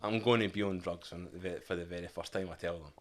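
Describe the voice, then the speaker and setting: Scottish man, low voice, candid storytelling. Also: fairly even intonation, fast talker, a little hiss or hum. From Scotland. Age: 30s. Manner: candid, reflective, quotes his past self and family. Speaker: podcast guest. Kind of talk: casual storytelling interview.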